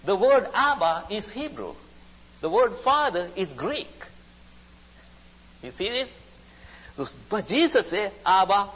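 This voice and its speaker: A man's voice: sits high, fairly bright tone, husky. A man preaching a sermon, speaking emphatically and repeating his phrases. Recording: dull recording in a reverberant hall.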